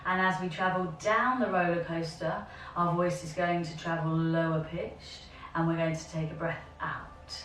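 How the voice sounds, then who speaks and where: A woman's voice: lowish voice, fairly even intonation, moderate pace, a bit bright, roomy sound, distant mic, a little hiss or hum. A woman teaching an online yoga lesson for children, encouraging them step by step.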